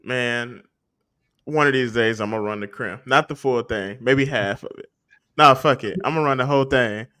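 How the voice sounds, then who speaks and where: A man's voice: mid-range voice, moderate pace, pushed and bright. A man hosting a podcast in casual chat, loose and joking, laughing often. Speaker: podcast host.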